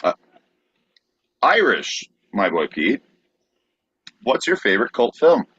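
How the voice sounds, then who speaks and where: Man, podcast co-host, teasing, lower voice, lively pitch, dull dry sound. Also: slow pace, slightly rough, no room sound. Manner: playful, teasing. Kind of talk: casual banter.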